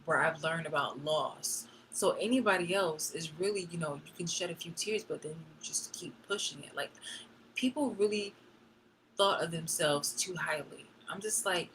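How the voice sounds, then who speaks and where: A woman live streaming, telling a personal story in a blunt, profane and animated way. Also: deep voice, normal speed, slight background noise, poor audio.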